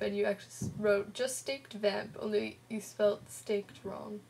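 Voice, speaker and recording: A woman's voice: medium pitch, level tone, normal speed, creaky, a little mellow, slightly rough. A teenage girl, chatting sarcastically in a home vlog with a sore throat. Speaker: vlogger. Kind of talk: casual vlog chat, retelling a comic.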